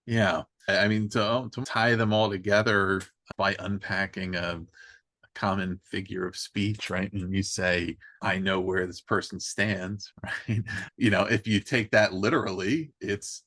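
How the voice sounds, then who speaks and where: A man's voice: fairly low pitch, steady tone, measured pace, a bit bright, dry recording. A man hosting an interview podcast, thinking aloud as he builds on his guest's point. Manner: thinking aloud, restarts, short chuckles. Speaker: podcast host.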